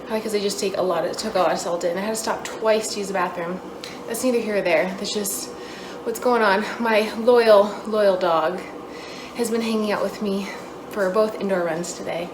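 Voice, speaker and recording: A woman's voice: medium pitch, steady tone, moderate pace, noisy background. A woman talking casually to camera in an upbeat, chatty way, filling her talk with "like", worn out and breathing hard between runs. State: tired and out of breath. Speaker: vlogger. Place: at home indoors.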